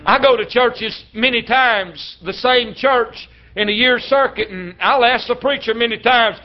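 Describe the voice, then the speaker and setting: Male traveling preacher, very high voice, folksy storytelling sermon with shouted peaks, slightly muffled recording. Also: a little slow, hardly any pauses. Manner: folksy preacher, acts out dialogue, breaks into shouts. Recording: slightly dull lo-fi church recording.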